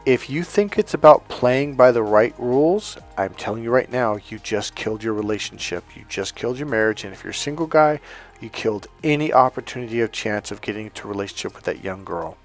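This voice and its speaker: A man's voice: mid-range voice, lively intonation, brisk. A man coaching on dating, lecturing emphatically with stories and repeated points over faint background music. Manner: emphatic, repetitive lecturing with anecdotes. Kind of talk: teaching to camera.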